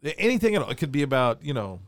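A man's voice: medium pitch, very animated, rapid-fire, no echo, studio quality. A male co-host in improvised comedy banter, playful and argumentative, laughing often.

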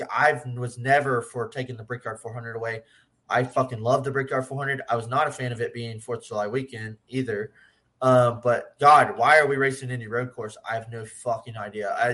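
A man co-hosting a podcast, talking in a casual, animated way, swearing often and laughing. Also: mid-range voice. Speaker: podcast co-host. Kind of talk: casual profane chat.

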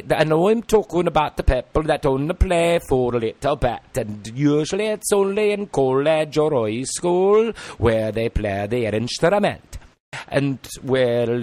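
Welsh-accented yarn-spinner, a man putting on a dialect, raised pitch, sing-song delivery, dry recording. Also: no room sound. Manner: animated, sing-song storytelling with dialect words. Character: chatty Welsh-accented man telling a story.

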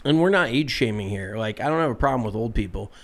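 A man co-hosting a podcast, telling a story in a casual, animated and profane way, sounding exasperated. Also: mid-range voice, fast talker. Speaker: podcast co-host.

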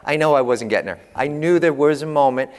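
A man telling humorous, animated parenting stories to an audience as a panel speaker. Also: on the high side, fast talker, smooth. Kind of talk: storytelling talk to an audience. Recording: long hall reverb.

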